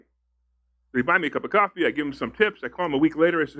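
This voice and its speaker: A man's voice: on the high side, fast, long pauses, bright, forceful tone. A man teaching a live investing seminar, telling stories in a chatty way, asking the room questions and acting out both sides of his conversations. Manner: chatty, asks the audience questions. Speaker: real estate investing instructor. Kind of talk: live seminar talk to an audience.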